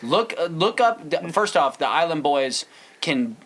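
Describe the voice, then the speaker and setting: Young male podcast co-host, animated and laughing, a bit higher-pitched than most men, relaxed casual banter. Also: unhurried. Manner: animated, laughing, quoting movie lines in put-on voices. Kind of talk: casual chat.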